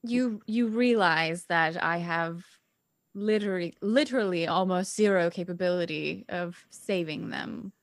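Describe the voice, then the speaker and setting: Woman tabletop player: dry and sarcastic, a bit low, close dry sound. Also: measured pace, dry recording. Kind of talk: tabletop role-play.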